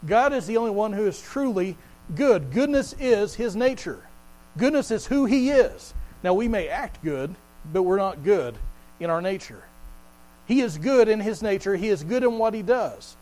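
A man preaching a sermon to a congregation in a conversational way, repeating words as he goes and slowing down to stress scripture quotes. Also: sits high, animated, a little mellow, poor audio. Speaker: pastor.

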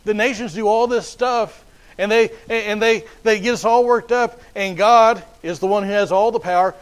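Man, high voice, sermon, emphatic, repeats and restarts phrases. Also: fairly even intonation, normal speed, rough recording. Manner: emphatic and repetitive, with frequent restarts. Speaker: preacher.

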